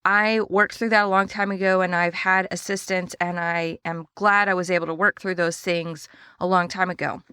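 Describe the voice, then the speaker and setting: A woman hosting a casual solo podcast, telling a story in a chatty, animated way and acting out the dialogue. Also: lowish voice, normal speed, smooth, no room sound, studio quality. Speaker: podcast host and small business owner.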